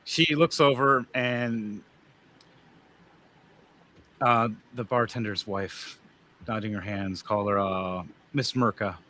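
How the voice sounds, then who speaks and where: A man's voice: fairly low pitch, slow, pauses often, sharp tone, a little hiss or hum. Rambling man running a tabletop game. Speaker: game master.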